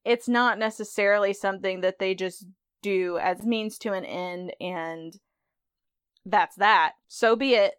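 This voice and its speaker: A woman's voice: medium pitch, fairly bright tone, clear, resonant tone, no echo, studio quality. A woman podcast host giving a chatty, conversational recap of a TV episode.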